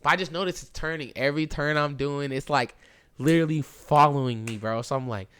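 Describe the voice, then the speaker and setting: A young man hosting a podcast, telling a story in a casual, animated way and filling it with "bro" and "like.". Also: a little high, normal speed, smooth. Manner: animated, keeps saying "bro" and "like"; acts out quoted lines, drops to a hushed voice at times. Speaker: podcast host.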